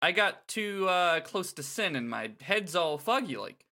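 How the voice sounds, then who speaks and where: A man's voice: sits high, big pitch swings, unhurried, pushed and bright, voice pushed up, exaggerated voice. A man reading aloud as a confused young male athlete, in a plain script-reading manner. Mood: bewildered. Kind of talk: casual script read-aloud.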